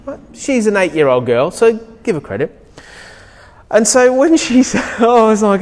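Man, Australian accent, middle-aged, pastor's sermon, high-pitched, long reverb. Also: moderate pace. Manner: animated storytelling, acts out dialogue.

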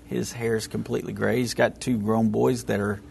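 Gravelly Texan man, laid-back co-host. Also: lowish voice, level tone, a little fast, darkish tone, a little hiss or hum. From Texas. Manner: laid-back, hesitant, lots of ums and laughs. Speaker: podcast co-host. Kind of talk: casual religious talk show.

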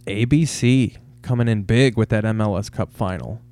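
A man's voice: lowish voice, moderate pace, dark tone. A man hosting a podcast, rambling through a casual sports monologue with heavy swearing. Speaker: podcast host.

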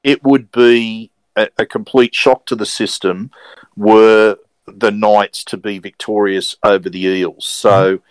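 Co-host: man, lowish voice, halting and careful, dry studio sound. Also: flat delivery, clean tone, no room sound, poor audio. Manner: hesitant, many fillers and restarts, careful wording. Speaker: podcast co-host. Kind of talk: casual sports podcast chat.

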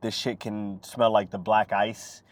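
A young man hosting his own talk show, rambling and swearing as he riffs, breaking into quick impressions. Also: fairly low pitch, dry recording. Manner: profane, rambling, animated impressions. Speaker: podcast host. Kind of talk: crude comedic monologue.

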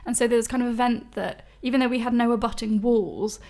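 A woman's voice: on the high side, steady tone, a little fast, a little mellow. A woman, telling stories in a casual podcast chat, chatty and self-deprecating with many fillers.

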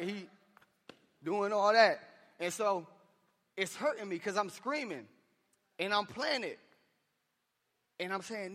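A man with a high voice preaches a sermon, speaking in an impassioned, conversational way with slangy asides. His voice carries through a large church hall, trailing a long reverb behind every phrase. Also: lively intonation, measured pace, long pauses, fairly bright tone.

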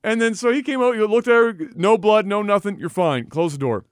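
A man with a somewhat high voice tells a story in casual podcast chat, swearing freely and laughing as he goes. The sound is dry and close, with no room around it. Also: brisk, clean tone, no room sound. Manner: profane, animated storytelling with laughter. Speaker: podcast co-host.

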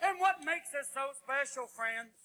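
A man performing a comedy sermon as a manic evangelical preacher, booming and preachy with shouted exclamations. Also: expressive, moderate pace. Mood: preaching. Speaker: stand-up comedian. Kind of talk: comic sermon parody. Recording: live show with loud crowd and noise.

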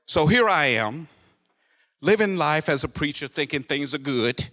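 A male preacher telling a story in a sermon, dropping to a hush, then rising to loud, animated exclamations. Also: a little high, measured pace. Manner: animated, swinging from hushed narration to loud exclamations.

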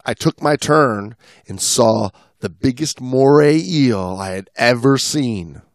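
A man's voice: medium pitch, animated, slow pace, no room sound. A man on a podcast reading a diving story aloud and breaking off to explain and chat. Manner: reads then riffs and explains at length. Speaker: podcast co-host, story reader.

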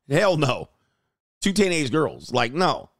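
A man's voice: on the high side, slow, no room sound, clean studio sound. A middle-aged man, a dating coach, telling stories bluntly and with animation in casual commentary. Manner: blunt, animated storytelling with frequent laughs. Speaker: dating coach reacting to clips.

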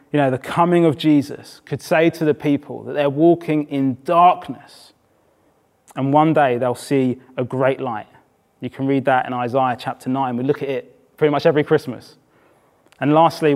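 A man from England preaching a sermon in a church, conversational and emphatic, with pauses for effect. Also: medium pitch, darkish tone. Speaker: pastor.

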